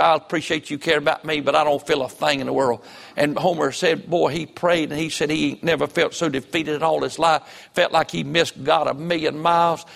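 A man's voice: on the high side, vocal fry, a bit bright. A man preaching a sermon, telling folksy stories that rise into fervent exhortation. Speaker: pastor.

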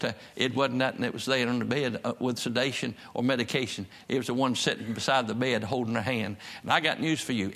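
A man's voice: medium pitch, fairly bright tone. A man preaching a sermon in a folksy, conversational way, building to emphatic peaks and repeating his refrains. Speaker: pastor.

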